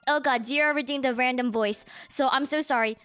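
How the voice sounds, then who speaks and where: A woman streamer chatting casually and excitably with her viewers, swearing freely as she greets them. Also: sits high, fairly quick, clean tone, soft background music.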